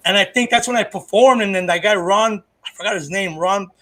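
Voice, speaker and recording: A man's voice: high-pitched, fairly quick, bright, forceful tone. A man, a comedian co-hosting a podcast, telling stories in casual chat, rambling and profane with lots of restarts.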